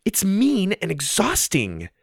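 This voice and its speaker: A man's voice: medium pitch, sing-song, moderate pace, dry recording, clean studio sound, voice pushed up, natural voice. A man voicing Sophie, an earnest, fed-up girl. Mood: indignant. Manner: earnest, heated outbursts. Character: girl new in town, fed up and sincere.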